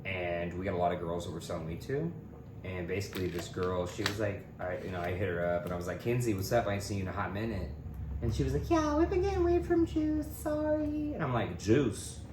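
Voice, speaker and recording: A young podcast co-host from Louisville, Kentucky, tells stories in a casual, lively chat, talking fast and jumping into high voices when quoting people. The room is echoey, with noise in the background.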